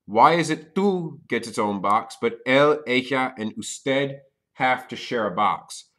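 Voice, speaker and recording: A man teaching a recorded Spanish lesson in a patient way, often checking in with "okay?" and stressing key words loudly. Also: animated, takes it slowly. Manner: stresses key words with sudden loud, high emphasis.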